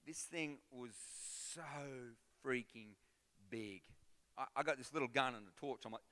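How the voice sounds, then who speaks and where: A middle-aged man preaching a sermon as a guest pastor, telling a story with animation and building to loud, rhythmic exhortation. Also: medium pitch, unhurried, clean tone. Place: church auditorium. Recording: reverberant church hall.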